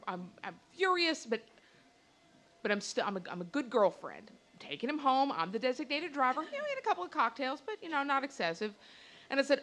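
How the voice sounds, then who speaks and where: A woman telling a personal story on stage to a live audience, animated and acting out the lines she quotes. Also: high-pitched, fast.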